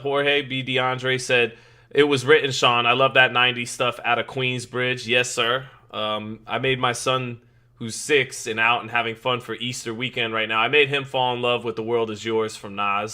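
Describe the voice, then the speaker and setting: A man's voice: medium pitch, sharp tone, clean tone. A man in his thirties hosting a live boxing watch party, chatting casually and greeting viewers in the chat. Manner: chatty, greets chat members, frequent restarts. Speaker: live stream boxing host. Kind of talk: casual live-stream commentary.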